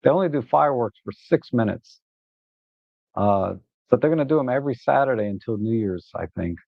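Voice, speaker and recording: A man's voice: medium pitch, a little fast, creaky, no echo. A man hosting a photography livestream, talking casually and rambling through his shots, sometimes getting worked up and laughing. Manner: chatty and rambling, with frequent "uh" and repeated starts; gets animated and exasperated when griping, with laughs. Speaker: photography channel host. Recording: dry, phone-like narrow sound.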